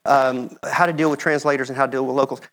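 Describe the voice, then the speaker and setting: Middle-aged American man presenting slides; easygoing, chatty lecturer, mid-range pitch. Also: fairly even intonation, fast talker, a bit bright. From United States. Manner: conversational, checks in with "okay?". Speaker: medical mission speaker. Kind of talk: conference talk with slides.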